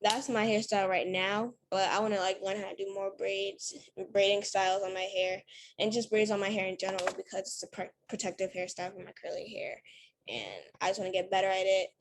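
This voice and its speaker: A woman's voice: medium pitch, a little fast, slight background noise. A teenage girl answering interview questions casually, talking in a chatty way with lots of "like" and "you know". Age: teens. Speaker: interview guest.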